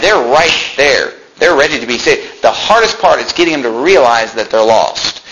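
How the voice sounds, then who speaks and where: A man preaches with a bright, ringing tone that sits a little high for a man. He reads scripture aloud and tells animated stories, slipping into the voices of the people in them. A faint hiss of noise runs under his voice. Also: brisk, hardly any pauses, rough recording. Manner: animated storytelling, acts out voices in anecdotes; reads Bible verses in King James wording. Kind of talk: sermon.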